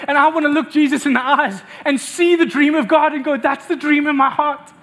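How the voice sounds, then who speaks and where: A man's voice: extremely high pitch, brisk. A young man from South Africa preaching a sermon, telling stories animatedly and acting out quotes. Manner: animated storytelling with acted quotes.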